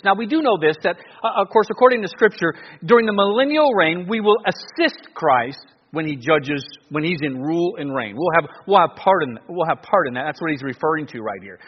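A male pastor preaching a sermon in an animated way, full of rhetorical questions and frequent restarts. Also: fairly high pitch, a little fast, slight background noise. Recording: dull, lo-fi recording with long reverb.

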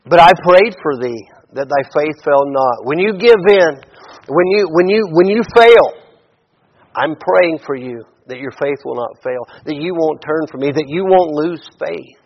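A man delivers a conversational sermon, doubling back on his words as he goes. His voice sits a bit high. The sound is muffled and rings with a long reverb, as if in a large church. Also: expressive, measured pace. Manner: conversational preaching with many restarts and repeated words. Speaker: preacher. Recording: dull audio with long hall reverb.

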